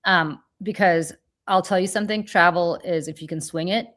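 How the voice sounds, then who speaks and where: A woman in her fifties hosting a podcast, chatting casually and animatedly over a video call, full of quick asides. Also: lowish voice, fairly bright tone. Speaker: podcast host. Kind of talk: casual chat.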